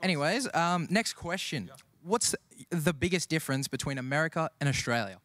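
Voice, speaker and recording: A man's voice: on the high side, brisk, fairly bright tone, no echo. A young man interviewing a gamer on stage, teasing him playfully. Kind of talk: light interview.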